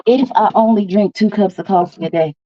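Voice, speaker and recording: A woman's voice: mid-range voice, brisk, a little hiss or hum. A woman hosting a live stream, rambling casually with folksy asides. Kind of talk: casual morning chat. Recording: dry, slightly dull stream audio.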